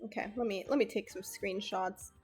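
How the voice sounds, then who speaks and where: A woman's voice: medium pitch, fairly even intonation, moderate pace, a little mellow, soft background music. A young woman streamer with a slight lisp from a retainer, chatting casually and rambling through a storytime, swearing freely.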